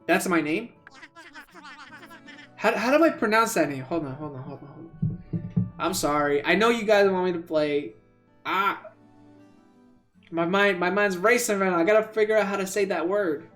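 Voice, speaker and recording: A man streaming a video game, talking casually and rambling, repeating words and breaking into excitable outbursts. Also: sits high, moderate pace, long pauses, faint music behind. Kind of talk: casual let's-play commentary.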